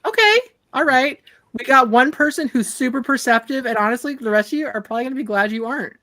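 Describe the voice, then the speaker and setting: A woman's voice: high voice, expressive, quick pace, pushed and bright, dry recording. A woman running a tabletop game as game master, narrating scenes vividly and laughing with her players over a call. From Ireland.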